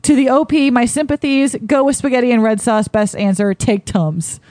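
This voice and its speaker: A woman's voice: a little high, fairly even intonation, moderate pace, darkish tone, dry recording. A woman co-hosting a casual talk show, chatting and reading online posts aloud with laughing asides. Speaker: co-host.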